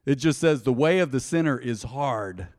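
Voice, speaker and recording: Talking directly to those listening, a male pastor teaches Bible verses in a laid-back devotional setting, his tone swinging from emphatic to soft and thoughtful. He has a mid-range voice with lively intonation and a normal speed, and the audio has a big-room sound.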